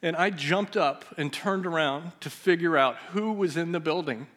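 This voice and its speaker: A pastor telling a personal story in a sermon, his voice dropping to a near hush at the emotional moments. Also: a little high, normal speed. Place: church sanctuary.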